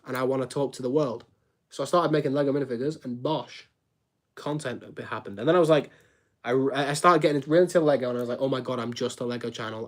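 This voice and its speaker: A man chatting casually on a live stream, answering viewers, joking and laughing often and filling his sentences with "like". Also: medium pitch. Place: home studio room.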